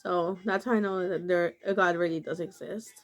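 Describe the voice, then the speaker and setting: A woman's voice: on the low side, steady tone, normal speed. A woman vlogger telling a personal story in a casual, earnest, confessional way, with many filler words.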